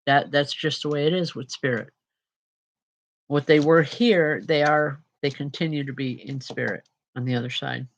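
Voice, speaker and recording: A tired woman medium giving live spirit readings to viewers, chatty and unhurried with frequent restarts. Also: sits low, steady tone.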